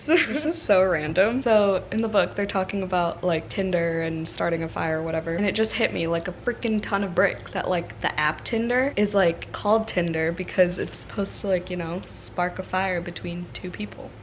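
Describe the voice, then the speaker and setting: A woman's voice: on the low side, moderate pace, few pauses, slight background noise. A woman book vlogger in casual, chatty vlog talk, laughing often and gushing as she talks, recorded indoors at a friend's home.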